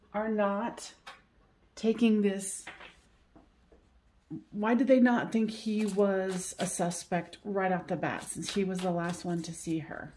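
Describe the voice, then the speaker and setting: Mellow-voiced woman giving a psychic reading. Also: mid-range voice, slight background noise. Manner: halting, repeats phrases, soothing and coaxing. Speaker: psychic medium. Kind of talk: solo psychic reading to camera.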